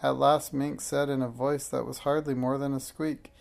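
A man narrating a children's storybook aloud in a measured, expressive way. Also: medium pitch, creaky.

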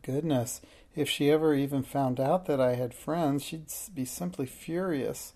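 A reader voicing a shy, anxious young girl in a storybook read aloud, with a gravelly, mellow voice. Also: medium pitch, measured pace. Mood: worried. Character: shy worried young witch's daughter.

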